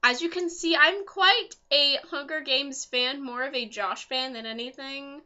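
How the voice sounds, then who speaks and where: A young woman vlogger chatting casually as an excitable fan, full of ums and asides. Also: high voice, measured pace, highs cut off. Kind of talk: casual chat.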